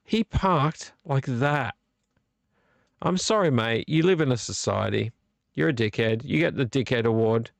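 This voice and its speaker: A man's voice: mid-range voice, animated, a little slow, creaky, no echo. A man hosting a late-night live vlog, a bit tipsy from beer, rambling and blunt and swearing freely. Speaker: livestream host.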